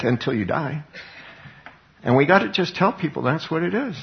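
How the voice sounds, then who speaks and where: Gravelly guy teaching the bible, earnest and chatty, lo-fi muffled recording. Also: fairly high pitch, expressive, moderate pace, pauses often. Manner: earnest, chatty, with frequent restarts. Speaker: preacher. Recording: dull lo-fi sound.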